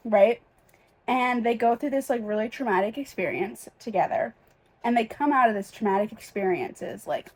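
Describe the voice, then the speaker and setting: A woman's voice: a little high, darkish tone, husky. A young woman chatting casually in a reading vlog, emotional and rambling, with many fillers and restarts. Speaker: reading vlogger.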